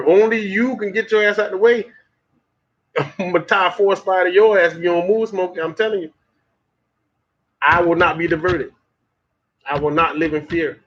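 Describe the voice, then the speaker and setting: A man's voice: a little high, slightly rough. A man with a Southern US accent delivering a profane, folksy motivational monologue, repeating lines for emphasis. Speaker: motivational vlogger. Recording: muffled lo-fi audio.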